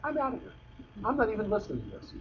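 A man's voice: high-pitched, big pitch swings, racing, lo-fi sound, slight background noise, voice pushed up. A man voicing a sulky male prophet who complains to God in a huffy, aggrieved way while teaching a Bible class.

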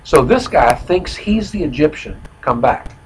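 A man teaching a Bible study in a conversational way, often pausing to explain and correcting himself with fillers. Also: fairly high pitch, expressive, slight background noise, rough recording. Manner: self-correcting with frequent fillers.

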